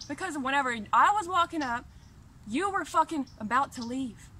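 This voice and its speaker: A woman's voice: high-pitched, expressive, moderate pace, pushed and bright, slight background noise. A woman at home, ranting angrily and profanely to her camera in a heated, repetitive, confrontational way. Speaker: vlogger. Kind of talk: angry direct-to-camera rant.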